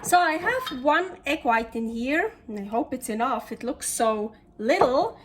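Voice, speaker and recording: A woman's voice: high voice, animated, a little slow, noisy background. A woman hosting a casual cooking vlog, chatty and enthusiastic as she thinks aloud. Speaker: cooking channel host.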